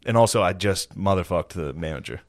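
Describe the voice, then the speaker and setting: A man's voice: low-pitched, expressive, fairly quick, no room sound, studio quality. A young man on a podcast, telling a profane story with lots of energy and acting out other people's voices. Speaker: podcast co-host. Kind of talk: casual storytelling chat.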